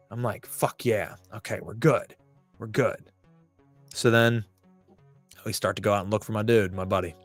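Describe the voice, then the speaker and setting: A man's voice: lowish voice, dry recording. A man hosting a podcast, telling a story in casual, profane talk and acting out the people he quotes in raised voices. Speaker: podcast host.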